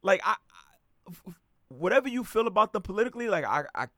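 Animated young man podcasting, higher voice. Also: quick pace, no echo, clean studio sound. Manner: animated, conversational, frequent restarts and slang. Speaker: podcast host. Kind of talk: casual opinion podcast.

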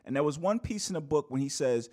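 Interviewer with a slightly high voice. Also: male voice, expressive, fast talker, a little mellow. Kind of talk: interview conversation.

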